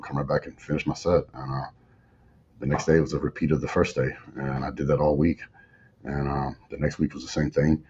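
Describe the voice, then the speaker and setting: Forties male interview guest, very low voice, relaxed drawling storyteller, muffled slightly lo-fi audio. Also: slightly rough. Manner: laid-back drawl, acts out dialogue. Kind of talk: casual storytelling. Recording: slightly muffled audio, faint background noise.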